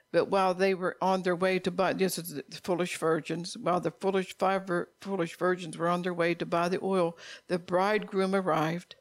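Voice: medium pitch, no room sound. A middle-aged preacher giving an informal sermon, blunt and repetitive, scolding listeners in a conversational way.

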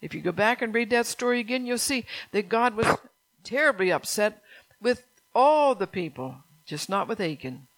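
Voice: mid-range voice, animated, moderate pace, a bit bright. A pastor preaching a stern, urgent sermon, repeating phrases and firing rhetorical questions at the congregation.

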